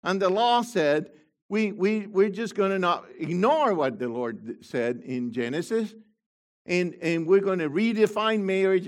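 A middle-aged man preaching a sermon with fervor, dropping to quiet asides and rising to shouted proclamations. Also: high-pitched, lively intonation, unhurried.

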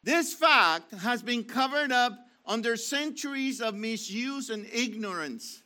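A man's voice: very high voice, animated, slow pace, few pauses, bright, forceful tone. A man preaching, reading from an article and repeating key phrases with emphasis, with many restarts. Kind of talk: sermon reading from an online article.

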